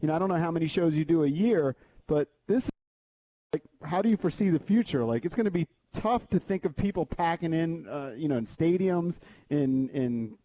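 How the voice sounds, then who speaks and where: A man's voice: a little high, moderate pace, warm tone, dry recording, poor audio. A man, a radio host, asking a guest long, loosely phrased questions in a casual interview.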